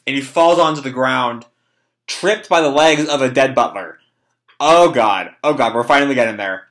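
A man's voice: medium pitch, animated, normal speed, fairly bright tone. A young man reading and reacting to a manga chapter in casual, rambling talk with swearing and lots of fillers.

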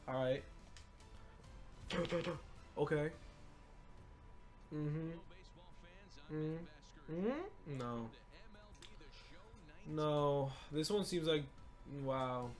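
A young man giving excited, pleading commentary while opening game card packs, swinging from low mutters to loud shouting. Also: drawn-out words, gravelly, pauses often, faint music behind. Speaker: gaming YouTuber.

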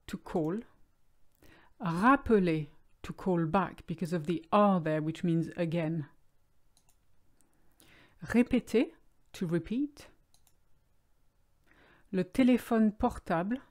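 A woman teaching French vocabulary in a clear, explanatory way, slowing down on key words. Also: on the low side, a little mellow. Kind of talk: language lesson.

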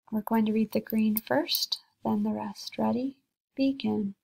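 A woman teacher reading a children's story aloud, slowly and deliberately, pausing between short phrases. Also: fairly high pitch, fairly even intonation, vocal fry, a little mellow, breathy edge. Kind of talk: slow read-aloud lesson for children.

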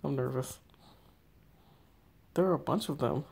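A woman reading the texts of a young woman hiding from a stalker, hushed and tense. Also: very deep voice, unhurried, creaky, breathy edge, heavily acted. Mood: scared. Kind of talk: text story read aloud.

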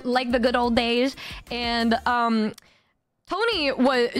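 High-voiced giggly woman streamer. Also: fairly bright tone. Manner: giggly, swears freely, stammers and repeats words. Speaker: vtuber streamer. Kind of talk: casual storytelling chat.

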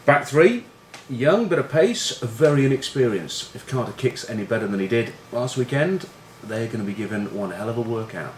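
A man's voice: medium pitch, expressive, moderate pace, hardly any pauses. A middle-aged man, a former rugby player, telling stories casually, self-deprecating and swearing, with lots of fillers. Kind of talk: casual storytelling. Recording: roomy room echo with faint noise.

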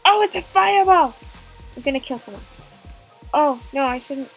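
High-voiced excitable woman gamer. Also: moderate pace, faint music behind. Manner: excitable, gasping, jokey. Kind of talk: playful game commentary.

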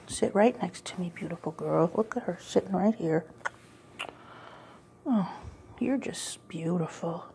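A woman's voice: on the low side, unhurried, creaky, pauses often, dark tone, a little hiss or hum. A woman cat sitter talking to a cat while filming with a phone in a client's home, cooing in baby talk and sometimes dropping to a whisper. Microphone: phone camera pointed at the floor.

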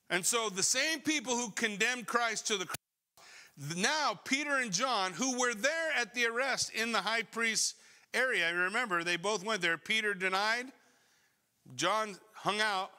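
A middle-aged male pastor preaching a sermon in a conversational, animated way, full of rhetorical questions. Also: high voice. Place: church sanctuary. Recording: long church hall reverb.

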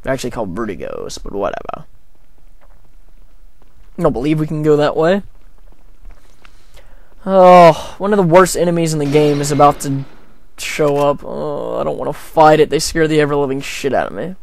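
A man's voice: a little high, sing-song, moderate pace, vocal fry, long pauses, no echo. A man casually commenting while playing a video game, rambling and joking at his own expense. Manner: rambling, jokey, self-deprecating. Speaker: let's play gamer.

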